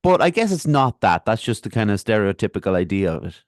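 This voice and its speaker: Rambling low-voiced man podcast host. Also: very animated, fast, dry recording, clean studio sound. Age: 30s or older. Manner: rambling, hesitant, many restarts. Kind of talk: casual interview chat.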